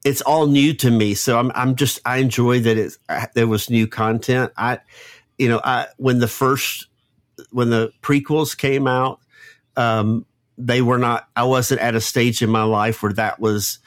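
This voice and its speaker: A man in his fifties from Florida with a Southern accent, chatting on a podcast in a halting, rambling way full of restarts. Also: mid-range voice, steady tone, no echo. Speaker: podcast co-host. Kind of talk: casual chat.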